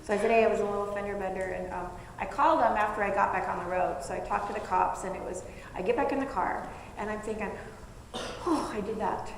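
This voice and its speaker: A woman's voice: mid-range voice, fast talker, vocal fry. Chatty woman storyteller in a reverberant hall. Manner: chatty, self-mocking, laughs while telling. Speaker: speaker at a live event. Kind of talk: personal storytelling talk. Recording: echoey hall with faint noise.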